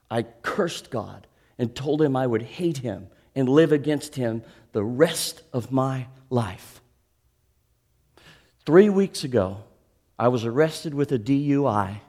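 A male pastor with a mid-range voice preaches a sermon and tells a story animatedly, swinging between loud and hushed delivery.

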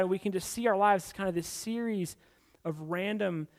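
A male pastor with a notably high voice delivers a sermon to a church audience. He talks in a relaxed, conversational way and often doubles up words as he works toward his point. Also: normal speed. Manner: conversational, repeats words while building points.

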